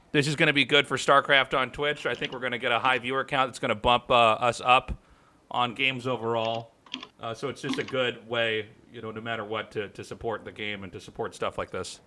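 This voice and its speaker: A man's voice: medium pitch, level tone, fairly quick, pushed and bright. A man hosting a live game stream in a casual, chatty way, thanking subscribers and swearing now and then. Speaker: stream host and caster.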